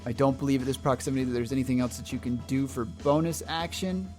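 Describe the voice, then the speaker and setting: A man running a tabletop game in an easygoing, hesitant way, pausing with fillers as he works out rulings. His pitch sits in the middle range for a man, and faint music plays behind him. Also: a little mellow. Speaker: game master.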